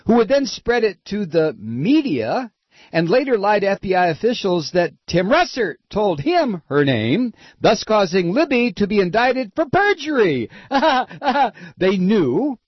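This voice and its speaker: A man's voice: high voice, sing-song, measured pace, dry recording. A man hosting a political commentary show, ranting with sarcastic exasperation. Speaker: radio commentary host. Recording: dull, dry lo-fi sound.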